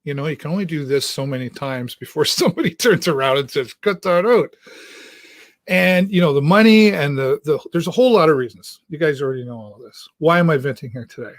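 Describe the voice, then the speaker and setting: A male talk show host speaking earnestly and haltingly to his viewers, often restarting his sentences, from inside a church. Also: on the high side, dry recording. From Canada. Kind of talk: heartfelt monologue to viewers.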